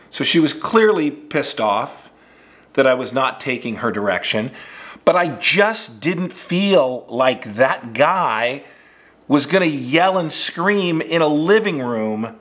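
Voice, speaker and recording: A man's voice: mid-range voice, takes it slowly. Male acting coach, easygoing storyteller with a mid-range voice. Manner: relaxed, conversational, with frequent fillers. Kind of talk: casual instructional storytelling.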